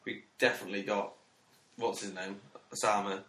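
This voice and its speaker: A man's voice: lowish voice, level tone, normal speed, bright, forceful tone. A man, chatting in a rambling, joking way as a podcast co-host. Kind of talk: casual comedic banter. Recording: echoey room with faint noise.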